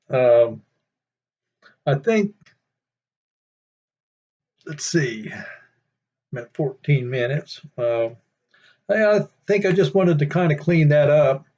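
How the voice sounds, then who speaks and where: A man's voice: mid-range voice, darkish tone. An older man reminiscing in a casual, rambling way, full of fillers. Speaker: storyteller. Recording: dull lo-fi sound.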